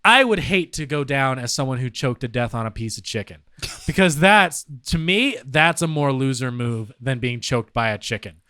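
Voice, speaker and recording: A man's voice: medium pitch, expressive, moderate pace, sharp tone, clean tone, no room sound, studio quality. A man co-hosting a podcast, debating in a playful, joking way and acting out quoted reactions. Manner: playful, acts out quoted voices. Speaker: podcast co-host. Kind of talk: casual comedic debate.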